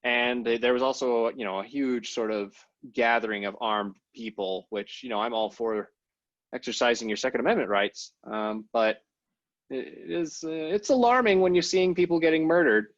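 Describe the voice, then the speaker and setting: Heard on a dull, lo-fi recording without echo, this man speaks at a normal speed in a mid-range voice. He co-hosts a podcast and wanders through a casual political discussion, full of hedges and filler words.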